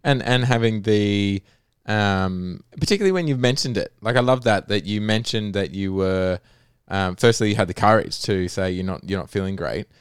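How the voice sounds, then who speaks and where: A man's voice: lowish voice, normal speed, few pauses, smooth, no room sound, studio quality. A man hosting a casual podcast chat, curious and full of long follow-up questions. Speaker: podcast host.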